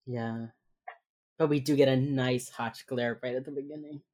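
A man's voice: mid-range voice, fairly even intonation, darkish tone. Man rambling through a casual episode recap. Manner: rambling, quick recap full of fillers. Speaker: podcast co-host.

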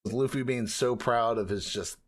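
Casual podcast guy, animated, salty, slips into quick character voices while recapping. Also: medium pitch, a loud crowd. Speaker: podcast co-host. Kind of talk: casual chat.

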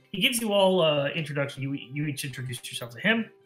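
A man narrating as game master, laughing often and pausing with fillers. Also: fairly high pitch, animated, over music.

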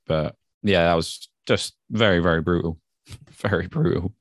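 A man with a very deep voice talks through a night of fights in a relaxed, laughing way, dropping "mate" here and there. The sound is dry and close. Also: normal speed, dry recording. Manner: laid-back, laughs often, British slang like "mate". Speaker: podcast co-host. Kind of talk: casual MMA fight recap.

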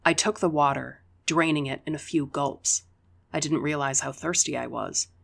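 An audiobook narrator reading a first-person story in an even, unhurried way. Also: medium pitch, gravelly.

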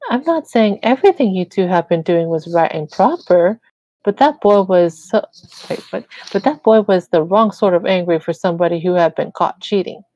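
A woman reading aloud voices a churchgoing mother who talks in a slow, sing-song way. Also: on the low side, lively intonation, mellow, no echo, highs cut off. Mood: knowing, firm.

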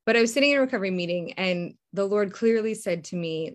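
A woman's voice: mid-range voice, fast. A woman hosting a faith-based podcast in a casual, rambling way, full of restarts and small laughs. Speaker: podcast host and faith coach. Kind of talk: casual solo podcast talk.

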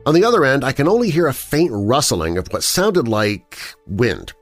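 A man narrating a first-person horror story in an expressive storytelling manner. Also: mid-range voice, moderate pace, no room sound, faint music behind.

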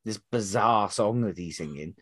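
Animated man chatting about films. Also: on the low side, normal speed, no echo, clean studio sound. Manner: animated, swears casually, laughs while talking. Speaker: podcast co-host. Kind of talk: casual film discussion.

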